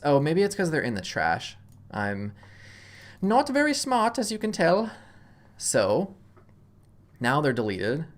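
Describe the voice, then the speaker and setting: A man walks through a software tutorial in a loose, chatty way, narrating each click as he goes. He sounds relaxed and pokes fun at himself when something goes wrong. He records from a desk mic at home. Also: medium pitch. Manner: relaxed, self-deprecating, thinks aloud while clicking. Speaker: tutorial host.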